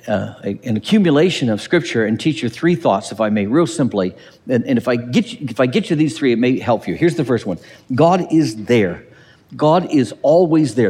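A man preaching a sermon as pastor, animated and acting out quotes with dry humor. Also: mid-range voice, in a large hall.

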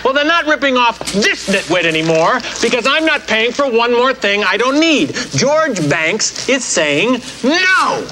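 A man's voice: extremely high pitch, big pitch swings, measured pace, hardly any pauses, background noise, heavily acted. An actor playing an exasperated middle-aged father in a film, ranting with indignant sarcasm. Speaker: shopper in a film scene. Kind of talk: comedic film acting.

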